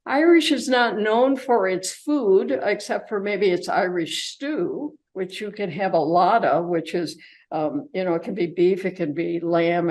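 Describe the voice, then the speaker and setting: Chatty older woman, low-pitched. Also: darkish tone, rough recording. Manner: chatty, many fillers and restarts. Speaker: travelogue presenter. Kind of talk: informal slide-show talk.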